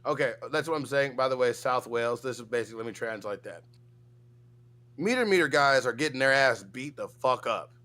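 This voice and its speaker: A man co-hosting a casual livestream chat, loud and profane, with exaggerated reactions while reading news items aloud. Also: medium pitch, lively intonation, a little fast. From United States. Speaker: co-host.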